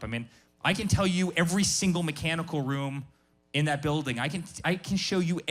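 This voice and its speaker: Emphatic man with a fairly high voice. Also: fairly bright tone. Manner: emphatic, repetitive, restarts often. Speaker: guest speaker. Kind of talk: business talk at a live workshop.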